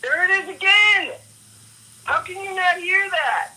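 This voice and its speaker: A man's voice: very high voice, unhurried, pushed and bright. A man on a phone call, confused and suspicious, rambling as he answers. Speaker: prank call target. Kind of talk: phone conversation. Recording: noisy phone line.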